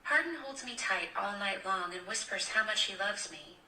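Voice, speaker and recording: A young woman reading a novel passage aloud in a steady, unhurried way. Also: mid-range voice. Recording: echoey room, distant mic, faint hiss.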